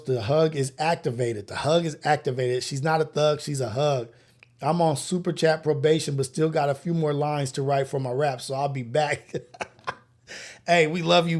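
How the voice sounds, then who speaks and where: A man's voice: fairly high pitch, a little mellow. A man hosting a morning livestream, reading out super chats and thanking viewers by name with blessings. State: slightly out of breath. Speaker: livestream host. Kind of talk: live show chat reading.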